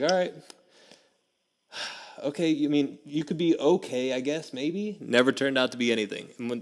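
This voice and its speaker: Young guy podcast host, super animated, acts out his reactions while he rants about sports. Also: medium pitch. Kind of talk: casual sports podcast chat.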